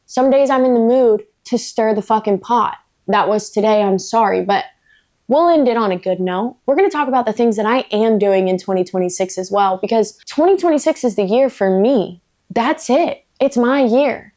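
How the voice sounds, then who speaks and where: A woman's voice: on the high side, moderate pace, mellow. Blunt, swearing woman book vlogger. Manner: blunt, emphatic, swears freely; playful, self-mocking asides. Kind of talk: casual vlog rant.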